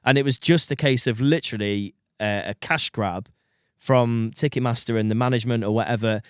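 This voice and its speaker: A man's voice: mid-range voice, brisk, clear, resonant tone, no room sound, clean studio sound. A man in his thirties, a podcast co-host in casual chat, rambling and swearing. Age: 30s. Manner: rambling, swearing, many fillers and restarts.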